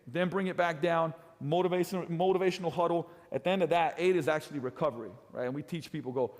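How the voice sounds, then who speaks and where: A middle-aged man teaching fitness trainers in an energetic coaching lecture, pushing his points hard and often asking "right?". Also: fast talker. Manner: emphatic, swings pitch and loudness for effect, keeps asking "right?". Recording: large hall with long reverb.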